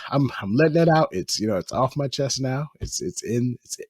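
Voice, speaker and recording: A man's voice: mid-range voice, animated, moderate pace, husky, no echo, studio quality. A man hosting a movie podcast, talking casually in rambling, exasperated rants with many restarts. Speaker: podcast host. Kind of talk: casual chat.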